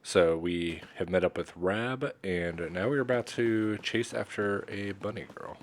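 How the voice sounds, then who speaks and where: A man giving relaxed let's-play commentary, with frequent ums. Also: low voice, unhurried, slight background noise. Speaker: game streamer.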